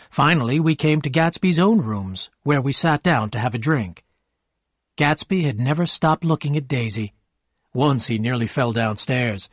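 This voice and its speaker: A man narrates a graded storybook for English learners, reading slowly and clearly. His voice has a slight husky edge and sits at an ordinary pitch. The sound is close and dry with no room echo. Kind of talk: scripted narration.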